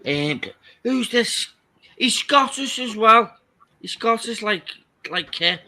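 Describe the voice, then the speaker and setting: A man's voice: very high-pitched, lively intonation, slow, sharp tone. A man with a Scouse accent chatting on a casual stream, rambling and repeating himself. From England. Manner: rambling, repeats words, laughs easily.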